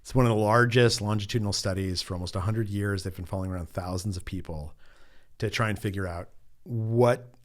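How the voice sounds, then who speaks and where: A middle-aged man, an author being interviewed, telling a story in an animated, chatty way with lots of casual fillers. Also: fairly low pitch, fairly quick. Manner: animated storyteller, acts out quotes, frequent "like" fillers. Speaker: author and journalist guest.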